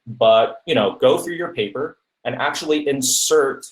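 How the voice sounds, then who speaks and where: Unhurried and mid-range in pitch, this podcast host gives casual tips on public speaking, often asking "right?" along the way. His speech is full of fillers and restarts, heard in a roomy, echoing recording.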